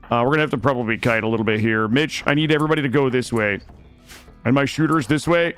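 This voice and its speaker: A man's voice: mid-range voice, fast talker, a bit bright, soft background music. A young man streaming a video game, talking through it live and swinging from muttering to panicked outbursts. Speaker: gaming streamer. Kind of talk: live gameplay commentary. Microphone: studio microphone.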